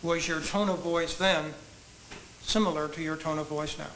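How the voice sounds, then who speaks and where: Bright-voiced man questioning in court. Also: a little high, fairly even intonation, a little hiss or hum, rough recording. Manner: measured, polite, leading questions. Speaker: trial attorney questioning a witness. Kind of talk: courtroom examination.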